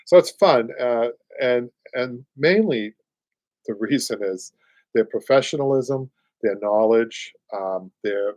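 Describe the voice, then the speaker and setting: A man's voice: medium pitch, darkish tone, no echo. A man in his late fifties with a Boston accent, hosting a live upholstery show in a rambling, chatty way full of fillers and little chuckles. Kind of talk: casual live-stream chat.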